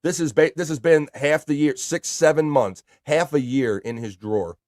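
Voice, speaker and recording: A man's voice: fairly high pitch, moderate pace, darkish tone, dry recording, clean studio sound. A man hosting a live stream in casual chat, reading viewer messages aloud in an upbeat, chatty way.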